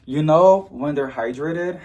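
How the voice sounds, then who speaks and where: A man's voice: a little high, slow, a little mellow. A young man chatting in a casual unboxing vlog, bubbly and gushing. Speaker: plant vlogger.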